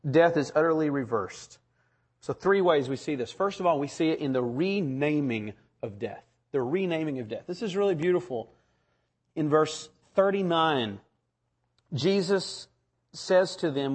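Husky-voiced preaching man. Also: fairly high pitch. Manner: dynamic preaching, rising to emphatic questions. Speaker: pastor. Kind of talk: sermon.

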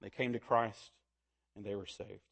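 A man's voice: fairly low pitch, flat delivery, normal speed, gravelly, fairly bright tone. A man preaching a sermon as pastor, earnest and building to fervent emphasis.

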